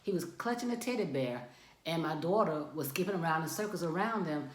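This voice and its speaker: Middle-aged woman, divorce coach, animated storyteller who laughs through her lines; lowish voice, echoey room. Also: brisk. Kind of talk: personal storytelling.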